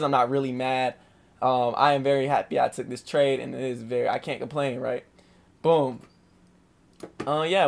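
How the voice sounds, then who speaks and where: A young man casually recapping his day trade on a screen share, slangy and animated, swearing and saying "boom" a lot. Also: gravelly.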